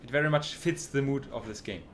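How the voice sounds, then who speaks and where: A man's voice: medium pitch, a little fast, slight background noise. Dry, sarcastic male speedrunner. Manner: dry, sarcastic, swears when frustrated. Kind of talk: live speedrun commentary.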